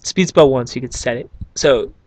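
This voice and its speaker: A man's voice: medium pitch, moderate pace, warm tone, no room sound. A man casually explaining his card game deck, rambling and joking with many fillers. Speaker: YouTube card game creator.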